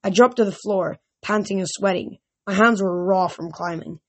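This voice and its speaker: A woman reading a novel aloud, often tripping over words and restarting, with louder shouted lines. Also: mid-range voice, moderate pace. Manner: reads aloud with frequent slips and restarts. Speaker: reader. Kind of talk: amateur audiobook reading.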